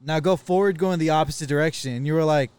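A man's voice: fairly high pitch, rapid-fire, a little mellow, clean tone, no echo. A man co-hosting a podcast in a casual chat, laughing often and teasing with profanity. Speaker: podcast co-host.

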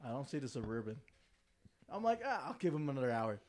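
A man's voice: mid-range voice, sing-song, fast, darkish tone. A young man in casual chat, telling a story with easy slang and frequent swearing. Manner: laid-back slangy storytelling, swears often. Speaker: friend in a group chat.

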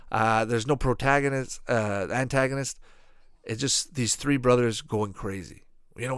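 A man giving casual, rambling reaction commentary on a cartoon as he watches it, with profane, animated asides. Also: on the low side, no echo, studio quality.

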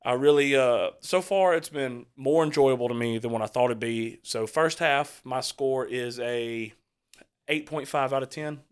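A man's voice: medium pitch, clean tone. Rambling man hosting a movie chat. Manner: rambling, halting, many fillers and restarts. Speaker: host leading a movie reaction. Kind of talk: casual chat.

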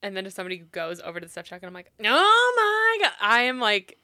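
A woman's voice: on the low side, racing, bright, forceful tone, clear, resonant tone, no echo, clean studio sound. A woman co-hosting a casual podcast chat, profane and laughing, given to exaggerated outbursts. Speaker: podcast co-host.

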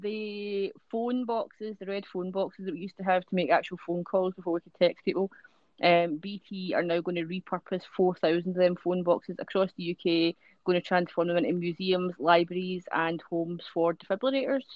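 A woman's voice: on the low side, fairly even intonation, normal speed, no echo. A woman with a Dundee Scottish accent co-hosting a podcast, chatting casually, swearing freely and laughing often. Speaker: podcast co-host. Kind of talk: casual chat. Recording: dull lo-fi sound.

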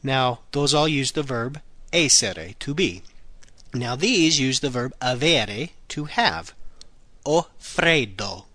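A man hosting a podcast language lesson who repeats phrases slowly for learners. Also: mid-range voice, expressive, bright, forceful tone, dry recording. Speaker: language teacher, podcast host.

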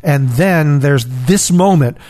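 A man's voice: on the high side, slow, darkish tone. A man co-hosting a casual Bible discussion, picturing scenes aloud and reading verses.

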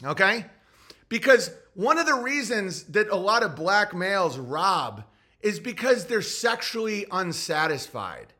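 Podcast host, male, bright tense voice, sarcastic and profane rant. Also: high-pitched, very animated, measured pace.

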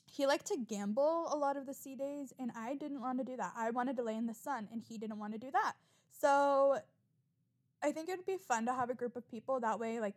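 A young woman hosts a podcast alone, rambling in a fairly high voice. Her talk is chatty and animated, with easy swearing and a tendency to get riled up.

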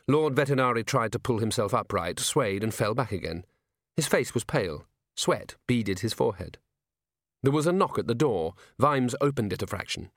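A man narrating a comic fantasy novel in a measured, wry manner. His voice sits at a middle pitch, recorded close and dry with no room sound. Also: expressive, no room sound. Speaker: audiobook narrator. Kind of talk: scripted narration.

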